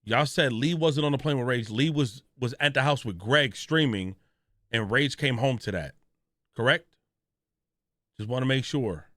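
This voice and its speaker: A man's voice: mid-range voice, moderate pace, long pauses, a bit bright, dry recording, studio quality. Man streamer reacting, chatting with viewers. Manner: asks questions, reads chat names aloud.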